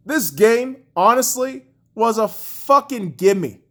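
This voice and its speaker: A young man vents on his podcast, cursing and mocking his own team. His voice swings wildly, jumping to shouts and then dropping to bitter grumbles. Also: moderate pace. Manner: profane, furious, mocking; lively pitch swinging from shouts to low mutters. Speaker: podcast host. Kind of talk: angry sports rant.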